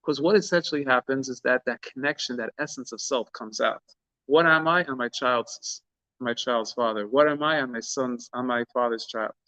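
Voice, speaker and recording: A man's voice: mid-range voice, moderate pace, bright, forceful tone, dry recording. A man, a rabbi, giving an informal Torah talk with a story. He speaks earnestly and often restarts, mixing in Hebrew and Yiddish terms. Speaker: rabbi teaching a class. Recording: dull, lo-fi dry recording.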